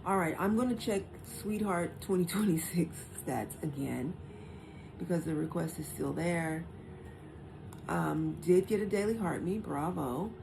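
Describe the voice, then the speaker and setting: A woman's voice: fairly low pitch, a little slow, creaky, background noise. A woman hosting a casual live stream, chatty and reassuring toward her guests. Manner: reassuring, chatty, reads stats aloud.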